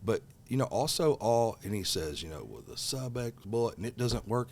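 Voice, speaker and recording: A man's voice: medium pitch, fairly quick, few pauses. A middle-aged man telling a story as a podcast guest, swearing freely and heated as he talks. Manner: profane, heated, animated. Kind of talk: casual storytelling.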